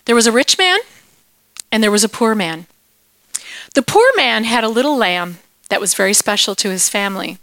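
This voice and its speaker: A woman's voice: on the high side, lively intonation, normal speed, pauses often, fairly bright tone, dry recording. A woman as an earnest storytelling prophet. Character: solemn prophet telling a parable, adult man.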